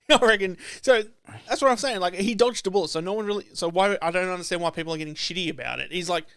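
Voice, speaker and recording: A young man rambles through a casual podcast chat, swearing freely and laughing between thoughts. His voice sits high and comes through smooth and clear. The sound is dry and close. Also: fast talker, a bit bright, dry recording. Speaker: podcast co-host.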